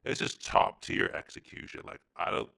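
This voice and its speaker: A man co-hosting a podcast in casual chat, animated and slangy, acting out his own reactions. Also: moderate pace, dry recording. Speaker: podcast co-host.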